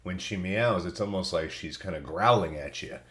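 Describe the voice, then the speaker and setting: A man's voice: deep voice, moderate pace, fairly bright tone. Folksy man with a cold hosting a podcast. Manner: chatty and folksy, with asides. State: has a cold. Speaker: podcast host. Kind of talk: casual solo podcast reading listener answers.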